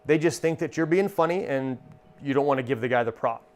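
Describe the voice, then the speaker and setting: A stage entertainer and magician giving an instructional talk in a relaxed, conversational way, acting out comic one-liners as examples. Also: male voice, medium pitch, fairly quick.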